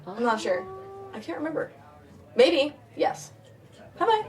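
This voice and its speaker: A woman chats as a guest, playful and bubbly, laughing easily. Her voice sits a little high for a woman. She is picked up from a distance. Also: very animated, unhurried. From United States. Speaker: country singer, guest. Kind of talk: casual interview chat.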